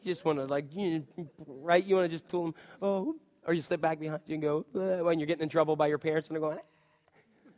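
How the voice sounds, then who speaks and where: A man preaching a sermon who tells the story in a humorous, animated way and jokes with the congregation. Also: a little high, rapid-fire, hardly any pauses, big-room sound. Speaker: pastor.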